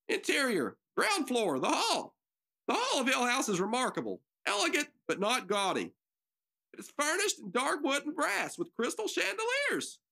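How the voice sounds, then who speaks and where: A woman's voice: high-pitched, vocal fry, pushed and bright. A nervous woman narrating stage directions for an amateur radio drama, giggling and making joking asides.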